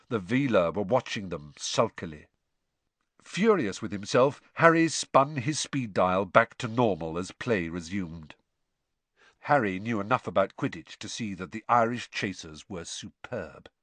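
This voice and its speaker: A man narrating an audiobook with an expressive, varied delivery. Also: mid-range voice, no echo.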